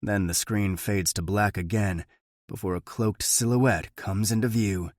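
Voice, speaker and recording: A man narrating a thriller audiobook in the first person, steady and measured. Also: fairly low pitch, no echo, studio quality.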